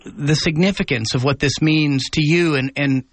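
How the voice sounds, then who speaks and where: A man hosting a radio interview, speaking earnestly and haltingly, often repeating words as he frames a question. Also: a little high, fairly even intonation, no echo. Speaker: radio host.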